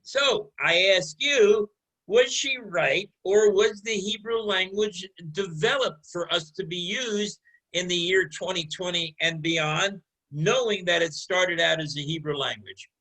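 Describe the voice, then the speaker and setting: A man with a high, bright voice leads a casual group discussion. He asks questions and calls on others in an animated, inviting way. He speaks over a video call. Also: a little slow, rough recording. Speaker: discussion leader and Hebrew teacher.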